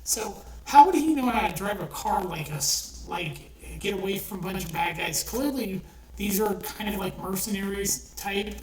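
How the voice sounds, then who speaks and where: A woman's voice: medium pitch, animated, moderate pace, darkish tone. Lady ranting about a movie she hated, swears a lot, kinda far from the mic in an echoey room w/ faint hiss. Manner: blunt, swears often, exasperated ranting with restarts. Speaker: movie reviewer. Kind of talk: ranting casual film review.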